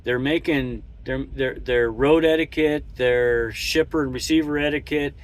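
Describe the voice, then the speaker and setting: A man's voice: mid-range voice, fairly even intonation, a little slow. A man who drives a truck talks casually from his cab, rambling with many restarts and chuckles. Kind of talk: casual monologue while driving.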